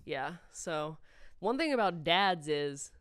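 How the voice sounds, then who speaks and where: A woman's voice: deep voice, big pitch swings, takes it slowly, fairly bright tone. A woman in her thirties hosting a comedy podcast, chatting casually, joking and laughing often as she tells stories. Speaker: podcast host.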